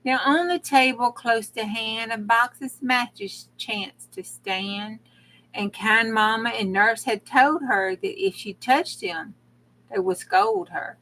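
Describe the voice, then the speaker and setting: A woman reads old cautionary rhymes aloud in an unhurried way. Her voice is bright and sits a little high. She breaks off between verses with dramatic gasps and exclamations. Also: creaky, a little hiss or hum, low-quality recording. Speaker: crafting channel host.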